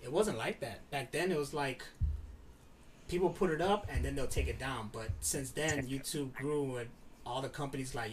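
A man chatting casually, animated and full of fillers, now and then swearing. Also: medium pitch, measured pace, long pauses, distant mic, a little hiss or hum. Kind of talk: casual chat.

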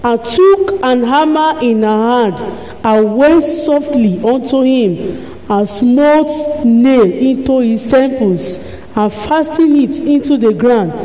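A woman's voice: on the high side, expressive, slow pace, warm tone. A woman reading Bible verses aloud during a church service. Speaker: scripture reader. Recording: long hall reverb.

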